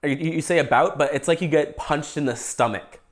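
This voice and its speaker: A man's voice: a little high, brisk. A young Canadian man hosting a casual podcast livestream, rambling and joking while he eats. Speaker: podcast host.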